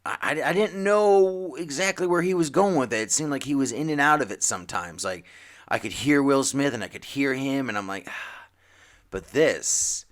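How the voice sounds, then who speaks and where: A man co-hosting a comics podcast, talking in a rambling, animated way with many restarts and little acted-out quotes. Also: mid-range voice, normal speed. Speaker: podcast co-host. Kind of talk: casual chat about comics and TV.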